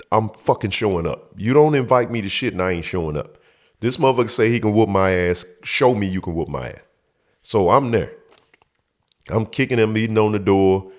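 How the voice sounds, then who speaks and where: A man's voice: sits low, moderate pace. A man hosting his show, telling a story from his youth in a profane, emphatic way, acting out the scene. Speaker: show host. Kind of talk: storytelling monologue.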